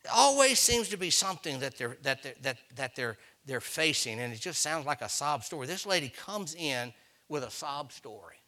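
A man with a slightly high, very animated voice preaches at a normal speed. He weaves folksy stories into the sermon, impersonating the characters, and his voice rises into shouts.

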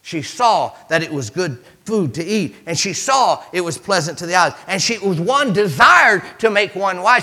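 A man preaching a sermon as pastor, animated, with sudden swings between loud emphasis and hushed asides. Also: high voice, normal speed, few pauses.

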